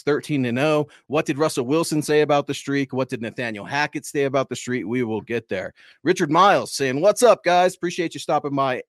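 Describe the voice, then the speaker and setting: A man's voice: mid-range voice, no room sound, clean studio sound. A man co-hosting a fan livestream, giving long opinionated takes on his team in a casual, chatty way. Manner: opinionated, talks at length, chatty. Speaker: co-host and sports writer.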